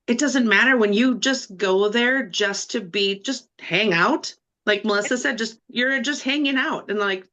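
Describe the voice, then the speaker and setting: A woman tells her story over a video call, emotional and animated, often starting her sentences over. Her voice is bright and forceful, and the call audio sounds dull and lo-fi. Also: fairly high pitch, normal speed. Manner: emotional, animated, rambling with restarts. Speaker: team member on a call. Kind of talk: casual personal sharing.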